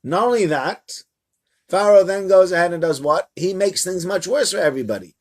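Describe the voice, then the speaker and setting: A man, a rabbi, leading a live-streamed Torah lesson in a room with a small audience, his pitch a touch high. He tells the stories in an animated, chatty way, with a voice that swings widely up and down. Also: moderate pace. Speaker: rabbi teaching a weekly Torah class. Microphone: camera mic.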